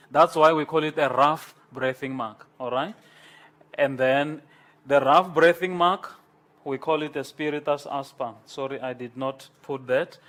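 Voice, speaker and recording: A man lecturing a class on Greek, slow and halting, with many pauses and repeated words. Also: fairly high pitch, a bit bright.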